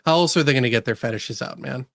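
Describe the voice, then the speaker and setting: A man co-hosting a casual podcast, bantering and teasing in a relaxed, sweary way. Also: medium pitch, quick pace, creaky, no room sound, studio quality. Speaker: podcast co-host. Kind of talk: casual chat.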